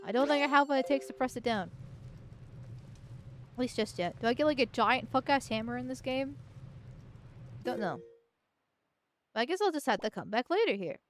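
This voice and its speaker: High-voiced woman ranting while gaming. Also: expressive, moderate pace, pauses often, slight background noise. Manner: crude, rambling, swears a lot. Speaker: streamer. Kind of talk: gameplay commentary.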